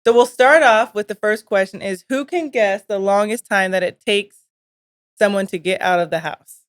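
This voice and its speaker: A woman co-hosting a podcast, steering the chat with a lively, laughing manner. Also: medium pitch, normal speed. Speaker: podcast co-host. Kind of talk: casual chat, leads the topics.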